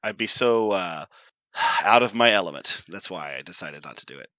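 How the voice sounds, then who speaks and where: Co-host, male, bright tone, halting self-deprecating delivery. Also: low-pitched, lively intonation, no room sound. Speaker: podcast co-host. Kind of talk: casual chat.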